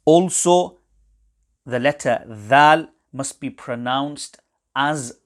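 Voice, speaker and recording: A man teaching correct recitation, explaining pronunciation errors in a measured, precise way. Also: medium pitch. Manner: measured and precise, pausing between phrases. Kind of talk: slow, deliberate instructional explanation.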